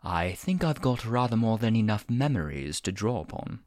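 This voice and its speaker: A woman's voice: rumbling low, sing-song, moderate pace, darkish tone, no room sound, clean studio sound. A woman voicing a prim, fussy male angel who gets flustered, in a podfic audio drama. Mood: fondly prim.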